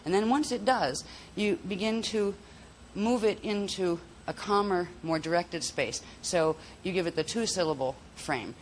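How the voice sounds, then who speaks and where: Chatty, rambling workshop instructor at mid pitch. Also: a little slow, few pauses, slight background noise. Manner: rambling, chatty, with frequent restarts and laughter. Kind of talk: casual spoken lesson on vocal toning. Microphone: handheld mic.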